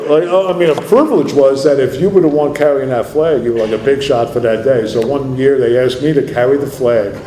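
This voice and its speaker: A man's voice: medium pitch, dark tone. A man speaking at an AA meeting, telling his recovery story in a rambling, self-mocking way. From New Jersey. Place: meeting room. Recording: echoey meeting room.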